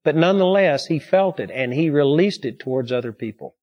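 A man with a fairly high voice preaches a sermon, moving from personal stories to scripture in an earnest, steady way. The recording is dull and lo-fi. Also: a little fast.

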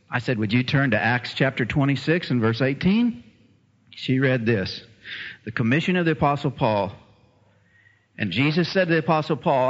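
Unhurried and animated, a medium-pitched man preaches in a large hall, telling a story and acting out the voices of those in it. The recording sounds dull and lo-fi.

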